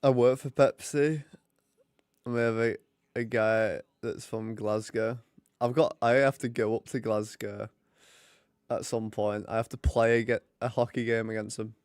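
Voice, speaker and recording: Brief: young male streamer, joking banter, middle pitch, dry unroomy mic. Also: fairly even intonation, a little slow, a little mellow, smooth, no echo. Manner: chatty, joking. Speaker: streamer hosting a hockey watch party. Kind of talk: casual live commentary and chat.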